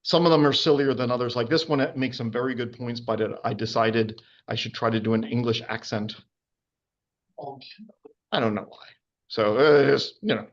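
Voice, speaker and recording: Chatty male anatomy lecturer, muffled sound. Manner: chatty, full of fillers and asides, wide pitch swings. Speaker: anatomy and physiology instructor. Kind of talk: informal public lecture.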